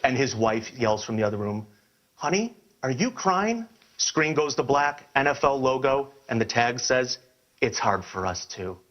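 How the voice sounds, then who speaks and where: A man narrating an ad pitch scene by scene at a steady pace. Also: moderate pace. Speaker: contest entrant pitching an ad. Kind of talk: spoken ad pitch. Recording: dull lo-fi playback.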